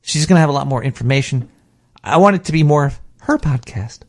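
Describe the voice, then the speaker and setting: A man's voice: mid-range voice, fast talker. A man hosting a podcast, rambling casually and profanely about meditation and self-hypnosis, with a studio microphone. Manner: rambling, profane, animated, mimics inner voice. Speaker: podcast host.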